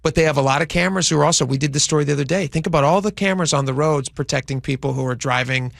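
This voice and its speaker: A man co-hosting a talk radio show, arguing his points emphatically, his pitch jumping on stressed words. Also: very fast, creaky, no echo, studio quality. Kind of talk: opinionated talk radio chat.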